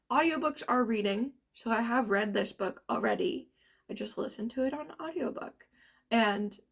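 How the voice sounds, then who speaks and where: Tired woman vlogger with a fry-laden morning voice, gushing casual book review. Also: high voice, fairly bright tone. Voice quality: gravelly morning voice. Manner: chatty, gushing, trailing off.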